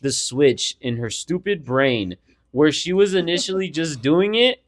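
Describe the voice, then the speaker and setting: A young man co-hosts a casual podcast, his voice swinging widely in pitch as he teases and swears. He sounds a little quiet and echoey, as if the mic is set off to one side. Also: measured pace. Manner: animated, profane, mocking. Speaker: podcast co-host. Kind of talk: casual chat.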